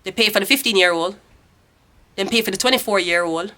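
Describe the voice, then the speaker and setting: Brisk and sharp-toned, this tarot reader has a mid-range voice and a Jamaican accent. She's a woman in her thirties doing a casual reading, ranting bluntly and cursing without restraint.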